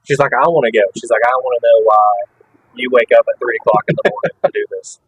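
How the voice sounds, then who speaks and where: A man's voice: medium pitch, quick pace, breathy edge, no room sound, low-quality recording. A man co-hosting a hunting podcast, telling a long story in a casual, rambling way with restarts and laughs. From Missouri. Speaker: podcast co-host.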